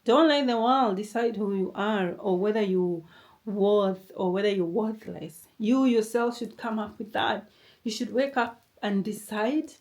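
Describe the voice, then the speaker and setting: A woman's voice: medium pitch, unhurried, a little mellow. A young adult woman with a non-native English accent giving a motivational talk to camera. She talks emphatically and repeats herself, now and then calling the listener darling. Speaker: motivational vlogger.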